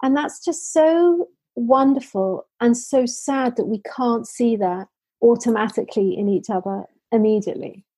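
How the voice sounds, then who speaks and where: A woman shares stories in an earnest, heartfelt way. Her voice sits fairly high, with a mellow, husky tone. The sound is dry and close. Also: normal speed, dry recording, rough recording. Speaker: social entrepreneur guest. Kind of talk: interview storytelling.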